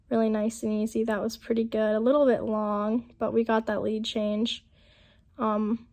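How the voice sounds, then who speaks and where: A woman's voice: on the high side, darkish tone. Chatty young woman with a sick voice. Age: young adult. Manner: chatty, rambling, many fillers. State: lingering sick, rough voice. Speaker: vlogger. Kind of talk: casual voiceover narration. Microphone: voiceover mic.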